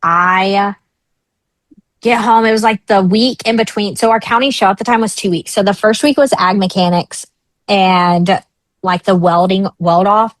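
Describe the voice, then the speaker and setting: A woman's voice: mid-range voice, normal speed, dry recording, low-quality recording. A woman in her thirties, a talk show guest, telling a personal story frankly and acting out the voices of the people in it. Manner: lively, frank, acts out quoted voices.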